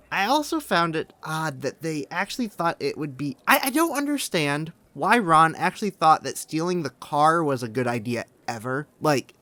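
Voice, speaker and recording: An enthusiastic podcast co-host, talking through a book in casual chat. The voice rises and falls in a lively way, recorded close and dry with no room sound. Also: medium pitch, a little slow, dry recording. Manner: enthusiastic, thinks aloud about book details.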